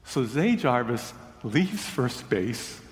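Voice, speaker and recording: Slow-speaking preacher in a reverberant hall. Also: male voice, mid-range voice, sing-song. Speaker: pastor. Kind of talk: sermon storytelling.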